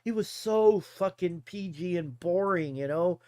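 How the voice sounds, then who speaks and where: A man's voice: sits high, a little slow, a little mellow, no room sound, studio quality. A man in his forties ranting casually and profanely on a live stream, rambling and often laughing. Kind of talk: casual rant.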